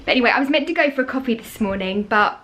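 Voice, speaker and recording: A woman's voice: fairly high pitch, animated, very fast, fairly bright tone. Chatty young woman vlogging at home. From England. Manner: chatty, self-deprecating, rambling. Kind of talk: casual vlog chat to camera. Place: at home indoors.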